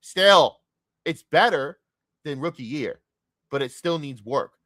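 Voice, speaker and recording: A man's voice: mid-range voice, unhurried, fairly bright tone, no room sound, clean studio sound. A young man streaming a casual, profane sports rant, heated and rambling.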